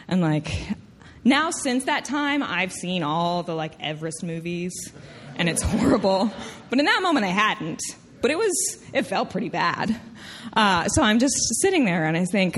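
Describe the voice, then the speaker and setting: Woman, Southern US accent, lowish voice, live storytelling, lively and emphatic. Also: normal speed. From Tennessee, US.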